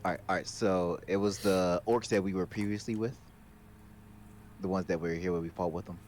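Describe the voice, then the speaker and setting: A man's voice: sits low, fairly even intonation, fairly quick, darkish tone, a little hiss or hum. A man playing a tabletop game, talking casually and asking in-character questions. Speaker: player. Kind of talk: tabletop role-play.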